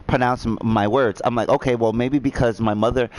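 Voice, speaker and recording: A man from New Jersey chatting casually while gaming, talking in halting starts with many fillers and restarts. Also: medium pitch, steady tone, a little mellow, no room sound. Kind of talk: casual chat.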